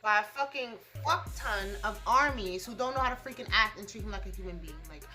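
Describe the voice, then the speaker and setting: A woman's voice: medium pitch, lively intonation, brisk, sharp tone, faint music behind. A young woman vlogging casually while doing her makeup, blunt and profane, full of slang and "like". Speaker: beauty and gossip vlogger.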